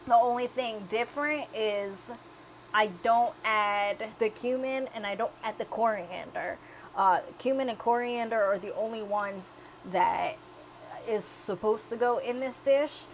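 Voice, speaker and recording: A woman's voice: fairly high pitch, a little slow, slight background noise, rough recording. Chatty woman demonstrating a home recipe. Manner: chatty, explains each step as she goes. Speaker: home cook. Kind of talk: casual cooking demonstration. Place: home kitchen.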